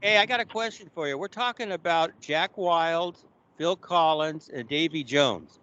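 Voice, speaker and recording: A man's voice: a little high, normal speed, bright, forceful tone, dull audio. A man hosting a casual call-in show, offhandedly sharing trivia. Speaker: show host.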